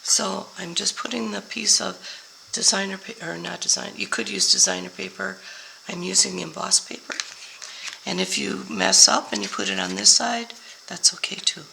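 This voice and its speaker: An older woman with a hoarse voice, slowly explaining each step of a papercraft card tutorial while she works. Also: mid-range voice, background noise. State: hoarse, voice going out. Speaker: papercraft demonstrator.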